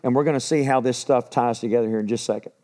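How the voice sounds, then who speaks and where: A man's voice: mid-range voice, fairly even intonation, very fast, mellow. A man teaching a sermon in a conversational, emphatic way, repeating key points. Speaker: pastor.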